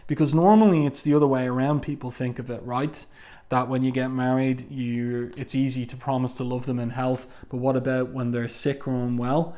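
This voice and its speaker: A man's voice: medium pitch, flat delivery, moderate pace, warm tone. A man reviewing a comic book in a casual, conversational way, stopping often with ums and asides. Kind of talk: casual comic review, reading panel dialogue aloud.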